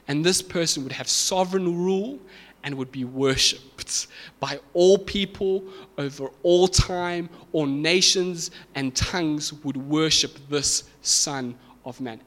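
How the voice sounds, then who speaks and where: A man's voice: on the high side, fairly bright tone. A man preaching a sermon to a congregation, explaining scripture with emphatic, rising intensity. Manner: emphatic, builds to raised fervent peaks. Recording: reverberant hall.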